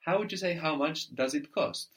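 A man's voice: a little high, moderate pace, a bit bright. Patient male tutor coaching a student step by step, frequent "no?" check-ins. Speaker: language teacher. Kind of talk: one-on-one German lesson.

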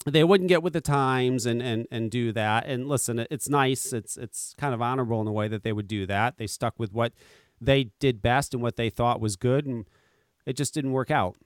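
A man's voice: medium pitch, normal speed, dry recording, studio quality. A man hosting a talk radio podcast, ranting sarcastically with heavy swearing. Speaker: podcast host.

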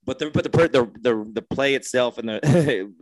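A man's voice: medium pitch, moderate pace, no echo. Laid-back man on a podcast, dry sound. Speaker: podcast co-host. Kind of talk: casual chat.

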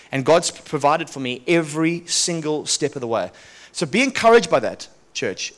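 A male pastor preaching a sermon, telling a personal testimony in a lively, chuckling way and often repeating himself. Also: fairly high pitch, normal speed.

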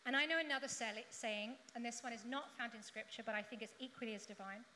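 This woman preacher talks fast through a conversational sermon, slipping in jokes to the congregation gathered in a church hall. Her fairly high voice sounds pushed and bright, and the echoey hall adds faint background noise.

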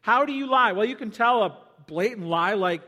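Male pastor, high voice, animated sermon delivery, long reverb. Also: normal speed. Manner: animated, acts out quoted voices.

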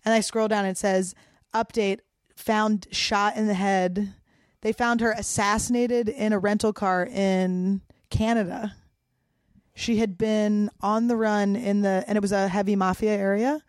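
A woman's voice: mid-range voice, fairly even intonation, measured pace, no room sound, clean studio sound. A woman from Philadelphia, a comedian, telling a wild story in a casual, profane way. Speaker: comedian guest.

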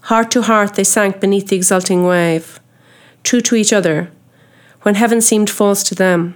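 A grim, obsessed old sea captain, read by a woman in an audiobook, who declaims in grand, solemn, old-fashioned phrases. The voice sits at a middling pitch and carries weight rather than speed. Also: steady tone, moderate pace, close to an everyday voice. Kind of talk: audiobook character reading.

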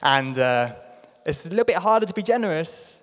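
A man's voice: a little high, sing-song, brisk, a bit bright, in a large hall. A man from London with a British accent preaching a sermon in a chatty, self-deprecating way. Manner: chatty, self-deprecating, puts on playful voices for quotes. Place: church hall.

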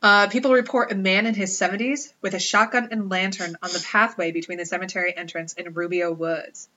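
A woman's voice: mid-range voice, fairly even intonation, fairly quick, sharp tone, lo-fi sound. A woman co-hosting a podcast, telling ghost stories in a wry, joking, casual way. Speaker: podcast co-host. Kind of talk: casual chat.

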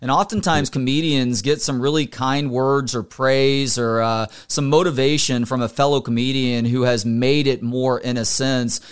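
A man in his thirties hosts a radio interview, his voice smooth and resonant. He asks long, earnest questions at a middle pitch. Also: steady tone, moderate pace, few pauses. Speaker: radio host.

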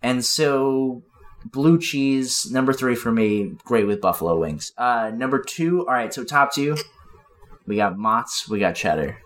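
A man who is a guest on a comedy podcast, talking casually and joking, playing a self-styled expert who hesitates, restarts and fills his pauses with ums. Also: mid-range voice, animated, a bit bright.

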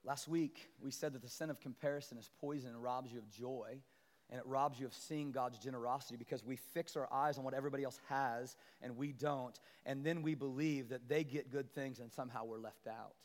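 A male pastor preaching a sermon to his church, animated and building to loud, emphatic peaks as he calls out to the congregation. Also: mid-range voice, a little fast. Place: large church sanctuary. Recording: long church hall reverb.

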